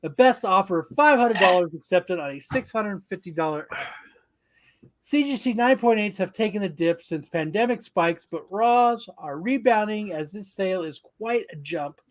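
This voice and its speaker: A man with a high voice co-hosts a casual podcast. He reads out sales figures in a joking, loose way and swears freely. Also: animated, moderate pace. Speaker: podcast co-host. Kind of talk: casual podcast chat reading out sales notes.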